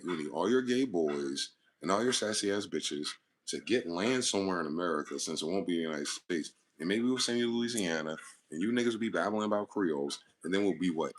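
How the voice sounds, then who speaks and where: A man's voice: deep voice, fairly bright tone, a little hiss or hum. A man hosting his own channel, talking alone in a rambling, profane monologue built on wordplay. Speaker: channel host. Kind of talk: solo monologue to camera.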